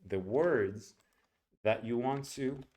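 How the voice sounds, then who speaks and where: Animated man teaching English rhythm. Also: mid-range voice, slow pace. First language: Spanish. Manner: animated, demonstrates sounds aloud with filler words. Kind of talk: casual spoken lesson to camera.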